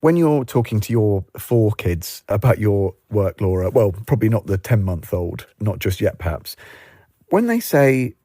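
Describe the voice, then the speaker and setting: A man's voice: lowish voice, animated, normal speed, mellow, dry recording, clean studio sound. A man interviewing a guest, asking long, tentative questions full of hedges.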